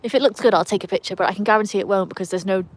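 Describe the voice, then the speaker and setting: A woman's voice: mid-range voice, very fast. Chatty British woman on a phone live. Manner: chatty, self-mocking, reads viewer comments aloud. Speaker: live-stream host. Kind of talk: casual live-stream chat. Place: outdoors in cold weather with her dogs.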